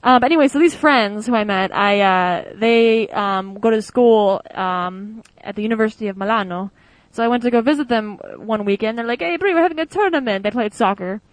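A woman's voice: medium pitch, normal speed, few pauses, no room sound, poor audio. A young woman from the United States tells stories casually in an interview, chatty with many fillers and with quoted voices acted out. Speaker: former exchange student.

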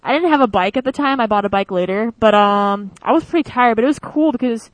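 A woman's voice: fairly high pitch, animated, quick pace, no room sound, low-quality recording. A young woman from the United States tells stories casually in an interview, chatty with many fillers and with quoted voices acted out. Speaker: former exchange student.

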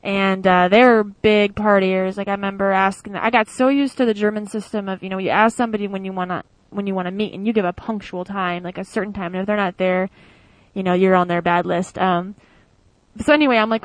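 A young woman from the United States tells about her time abroad in an easygoing interview. Her talk is chatty and loose, full of fillers, and she acts out the voices she quotes. Her voice sits at a middle pitch, recorded close and dry with no room sound. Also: fairly quick, no echo, low-quality recording. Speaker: former exchange student. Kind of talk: casual interview storytelling.

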